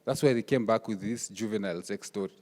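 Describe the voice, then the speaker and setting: A man leading a workshop talk, telling family stories in an animated way and acting out the dialogue. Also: lowish voice, fast talker. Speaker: workshop speaker. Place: conference hall. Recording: reverberant hall.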